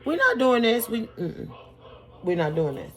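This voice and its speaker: A brash teenage girl from a retold storytime, loud and sassy, pitched a bit above the speaker's usual voice, as a woman puts her on. Her exclaiming, defiant delivery carries through the story. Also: sing-song, a little slow. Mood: frantic.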